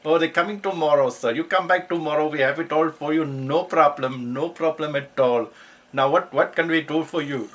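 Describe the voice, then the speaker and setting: A man's voice: a little high, normal speed, fairly bright tone, pitched above the performer's own voice, close to an everyday voice. Man doing a polite shop worker. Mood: obliging. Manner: polite and eager to help.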